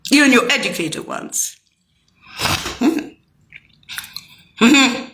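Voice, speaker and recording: High-voiced lady ranting and swearing, all over the place pitch-wise, yelling then grumbling. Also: animated, normal speed. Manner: rambling, bitter, swings between shouting and muttering. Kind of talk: angry profane rant.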